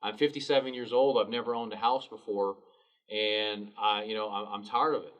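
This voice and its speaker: A man's voice: on the low side, steady tone, normal speed, fairly bright tone, close to an everyday voice. A man voicing a frustrated woman in her fifties, sick of renting, in a weary, fed-up way. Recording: distant mic, dull sound.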